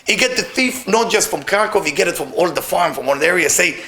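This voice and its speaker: Animated male Kabbalah teacher in broken English, fairly high voice with lively swings. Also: fairly quick. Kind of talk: storytelling lesson.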